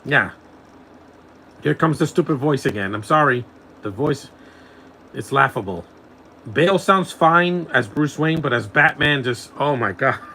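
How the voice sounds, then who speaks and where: A man talking casually over a film as he watches it, teasing what he sees and breaking into chuckles. His voice sits at an ordinary middle pitch, with a faint hiss behind it. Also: expressive, unhurried, long pauses, sharp tone, poor audio. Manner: mocking, chuckles often. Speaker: film commentator. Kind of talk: casual live movie commentary.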